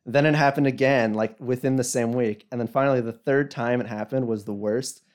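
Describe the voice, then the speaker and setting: A man's voice: mid-range voice, fairly even intonation, brisk, darkish tone. A young man telling a story in casual chat, rambling, with many "like"s and "you know"s.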